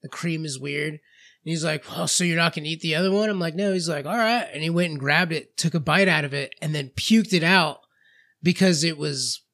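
Man, podcast co-host, a bit high-pitched, casual, giggly anecdotes. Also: brisk, fairly bright tone. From Florida. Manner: laughs often, tells stories with voiced quotes. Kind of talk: casual chat.

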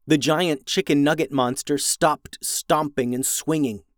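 Male storyteller, fairly high voice, dry close sound, animated reading for kids. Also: measured pace, no echo. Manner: animated, raises voice for characters' lines. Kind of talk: children's story narration.

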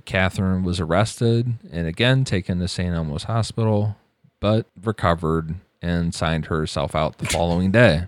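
A man's voice: low voice, normal speed. A man narrating a true crime case on a podcast, with blunt, profane asides.

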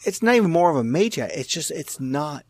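A man's voice: fairly high pitch, very animated, fairly quick, darkish tone, dry recording. A young adult man co-hosting a casual podcast, explaining rules carefully and teasing his partner. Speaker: podcast co-host. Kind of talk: casual chat about trading cards.

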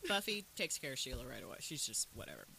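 Animated bright voice retelling scenes. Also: medium pitch, fast talker, creaky, poor audio. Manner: lively retelling, quoting scenes in little voices. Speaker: podcast co-host. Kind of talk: casual chat. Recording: faint hiss in background.

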